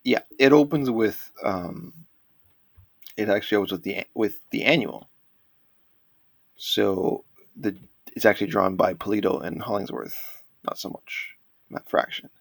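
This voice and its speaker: Gravelly man chatting about comics. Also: on the low side, a little slow, pauses often, dry recording. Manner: chatty, recaps with quoted lines. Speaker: podcast co-host. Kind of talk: casual comic book discussion.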